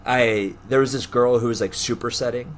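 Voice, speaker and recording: A young man co-hosting a podcast, telling stories in casual chat, animated, laughing often and acting out the people he quotes. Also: medium pitch, moderate pace, slight background noise. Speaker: podcast co-host.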